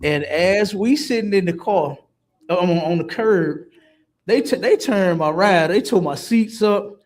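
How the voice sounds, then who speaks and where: Animated high-voiced man telling stories. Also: unhurried. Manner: animated storytelling with street slang. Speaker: podcast co-host. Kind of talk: casual chat.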